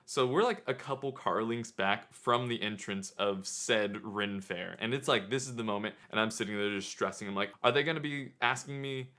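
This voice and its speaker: Bright-voiced man telling a funny story. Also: lowish voice. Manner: animated, self-deprecating, quick to act out scenes. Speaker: vlogger. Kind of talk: casual comedic storytelling.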